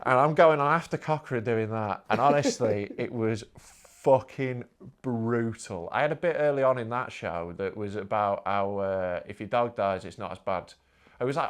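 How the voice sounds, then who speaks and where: A man's voice: medium pitch, lively intonation, normal speed. A man, a stand-up comedian telling a story on a casual podcast, swearing a lot and laughing through his punchlines.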